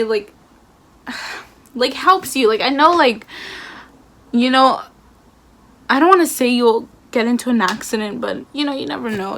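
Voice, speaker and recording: A woman's voice: fairly high pitch, a little hiss or hum. A young woman telling a storytime vlog in a casual, chatty way, full of fillers and quoted dialogue. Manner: chatty, animated retelling with many fillers. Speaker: vlogger.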